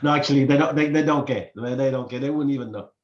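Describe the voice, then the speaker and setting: A man hosting a casual podcast chat, talking haltingly and often repeating words. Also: mid-range voice. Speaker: podcast host. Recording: echoey room, dull lo-fi sound.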